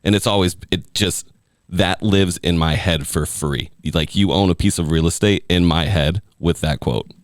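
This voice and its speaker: A man's voice: sits low, normal speed, dry recording, clean studio sound. A man hosting a casual interview podcast, chiming in with enthusiastic agreement and questions. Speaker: podcast host.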